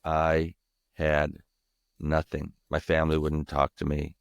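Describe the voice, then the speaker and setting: Casting: low-voiced man, guest on a podcast, candid and emphatic storytelling, dry close sound. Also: completely flat delivery, takes it slowly, gravelly, clear, resonant tone, no room sound. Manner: emphatic and raw, swearing, restarting sentences. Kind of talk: candid personal storytelling in interview.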